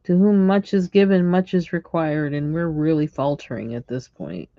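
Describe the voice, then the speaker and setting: Fed-up coloring streamer going off on a rant, mellow darkish voice, kinda muffled lo-fi audio. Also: mid-range voice, normal speed, dry recording. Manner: exasperated ranting, chuckling between lines. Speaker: coloring livestream host. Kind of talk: casual rant while coloring.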